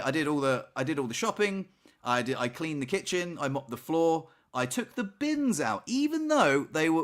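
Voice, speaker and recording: A man's voice: medium pitch, a bit bright. A man co-hosting a podcast, chatting casually and telling a story with lots of "you know" and "right?" asides. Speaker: podcast co-host. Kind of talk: casual chat.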